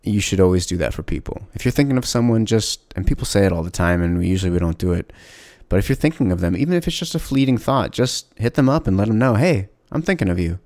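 A man with a very low, gravelly voice talks on his own podcast in a candid, reflective way. He often stops and restarts mid-sentence. The sound is dry and close. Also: animated, quick pace, few pauses, a little mellow, no echo. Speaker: podcast host. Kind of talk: casual solo podcast monologue.

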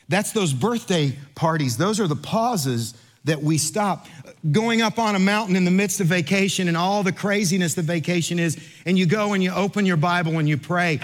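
Animated storytelling pastor, fairly high voice. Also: male voice. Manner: animated storyteller, acts out other voices, then slows for scripture. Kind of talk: sermon with storytelling.

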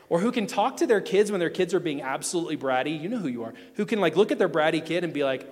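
A man preaching an emphatic sermon, his voice a bit higher than most men's. He moves between loud declarations and hushed stretches, and a long reverb trails each phrase as if in a big hall. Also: expressive, very fast, few pauses. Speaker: pastor.

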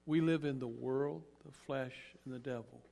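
A man preaching a sermon as an animated storyteller who acts out the characters as he goes. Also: mid-range voice, normal speed, creaky.

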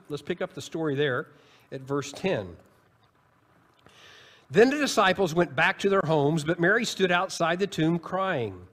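A middle-aged male pastor giving an Easter sermon, emphatic and varied, with joking asides to his congregation. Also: fairly high pitch. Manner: emphatic, varied preaching with asides and light humor.

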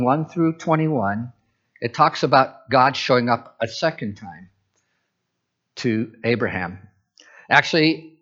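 Bright-voiced pastor preaching conversationally. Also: male voice, medium pitch, highs cut off. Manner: conversational, with asides and restarts. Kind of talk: sermon.

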